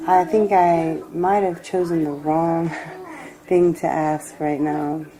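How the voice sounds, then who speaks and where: A woman giving a personal tarot reading, reflective and emotional, rambling with pauses. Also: sits low, fairly even intonation, poor audio. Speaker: tarot reader.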